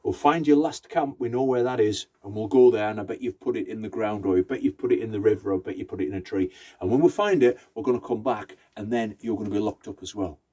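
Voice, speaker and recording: A man's voice: on the low side, fast, distant mic, close to an everyday voice. A man voicing a threatening king who bullies people for their gold, in a storybook tale. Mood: menacing. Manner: loud, bullying threats.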